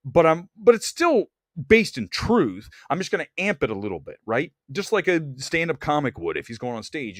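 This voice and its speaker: Animated sarcastic man streaming. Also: mid-range voice, no room sound, studio quality. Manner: animated, sarcastic, reads viewer comments aloud. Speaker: movie review livestream host. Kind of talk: casual opinionated livestream chat.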